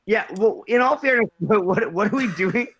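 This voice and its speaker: A man chatting as a podcast guest, joking around and quick with impressions. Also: high-pitched, a bit bright, slight background noise. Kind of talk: casual group chat.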